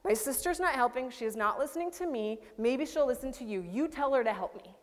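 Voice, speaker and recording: A woman's voice: sits high, animated, fairly quick, in a large hall. A frazzled pleading hostess, as a woman preacher quotes her. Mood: exasperated. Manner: pleading, exasperated.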